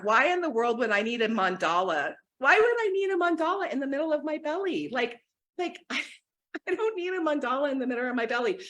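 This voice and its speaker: Giggly middle-aged woman telling a story. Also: high-pitched. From United States. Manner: giggly and animated, lots of "like" and "right?". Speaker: coach. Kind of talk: livestream storytelling.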